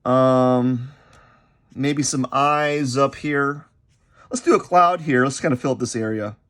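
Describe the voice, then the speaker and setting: A man chatting unscripted while he sketches, rambling and halting, often repeating himself as his thoughts drift. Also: mid-range voice, a bit bright. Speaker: artist vlogger.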